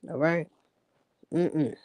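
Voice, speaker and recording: A woman's voice: low-pitched, steady tone, extremely slow, darkish tone, no echo. A woman ranting in a casual commentary, blunt and heavy on profanity. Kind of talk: casual rant.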